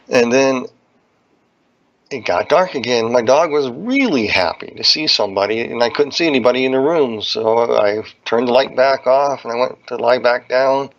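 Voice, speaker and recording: A man shares his personal religious testimony in an earnest, plain-spoken way, often repeating phrases for emphasis. He speaks at a medium pitch and moderate pace, captured on a dull lo-fi recording.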